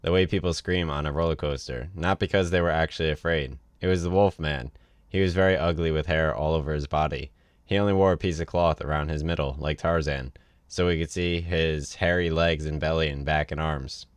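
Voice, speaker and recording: A man's voice: rumbling low, steady tone, fairly quick, smooth, no echo. A man reading a novel aloud on a livestream, in a casual way with offhand asides. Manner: casual read with ad-libbed asides. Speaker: reader.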